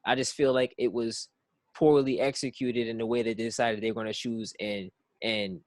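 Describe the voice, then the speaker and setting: A man talking through his view on a podcast in a loose, rambling way, looping back on the same phrases and repeating words as he works the idea out. The sound is dry and close, with no room around it, and his pitch sits mid-range. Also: no room sound. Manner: rambling, circling back with "it's like"; repeats words while thinking. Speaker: podcast co-host. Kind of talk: casual podcast discussion.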